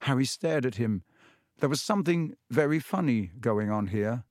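Male audiobook narrator, measured and even, dry studio sound. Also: medium pitch, dry recording. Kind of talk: audiobook reading.

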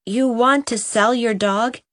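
A woman's voice: mid-range voice, animated, a little slow, fairly bright tone. A woman voicing an eager, tender-hearted young boy in a storybook reading. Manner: eager, breathless pleading.

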